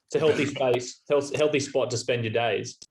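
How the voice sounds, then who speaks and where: A man's voice: mid-range voice, moderate pace, vocal fry, a little mellow, slight background noise. A man joining a podcast as a guest, chatting in a friendly, easygoing way. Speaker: podcast guest, charity CEO. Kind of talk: casual interview chat.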